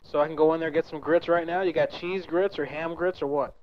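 A man's voice: fairly high pitch, fairly even intonation, fast. A man making a crude, goading prank phone call in a mock-innocent tone. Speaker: prank caller.

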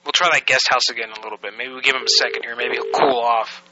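A man's voice: medium pitch, fairly even intonation, quick pace, no room sound. A man bantering casually and giggling while he makes prank calls. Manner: giggly, mocking. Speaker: prank caller. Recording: dull lo-fi recording, loud noise.

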